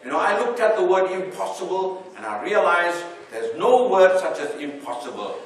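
A man's voice: sits high, very animated, moderate pace. A man preaching a sermon, swelling and dropping his voice as he drives his points home. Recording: echoey hall, voice from far off the mic.

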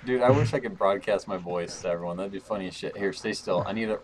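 A man's voice: low voice, quick pace. A man chatting casually and swearing while playing a game with a friend. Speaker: co-player. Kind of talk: casual gaming chat.

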